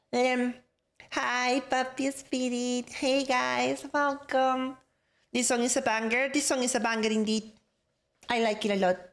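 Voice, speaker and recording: A woman's voice: fairly high pitch, flat delivery, slow pace, pauses often. Playful young woman streamer. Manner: playful, greets chat by name. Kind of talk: casual live-stream chat.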